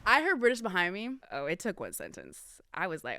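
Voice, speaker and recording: Animated young woman telling a story. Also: fast, few pauses, dry recording, clean studio sound. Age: early 20s. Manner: animated, dramatic swings in pitch and volume; chatty, addresses listeners as y'all. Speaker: podcast host. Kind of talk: casual storytelling.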